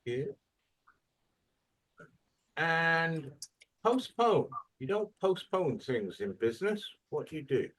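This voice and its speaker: A husky-voiced male teacher leads a classroom English lesson at an unhurried pace. His pitch rises and falls freely as he quizzes students and models how words are stressed. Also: very animated, a bit bright. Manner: questioning, drills pronunciation by modeling words.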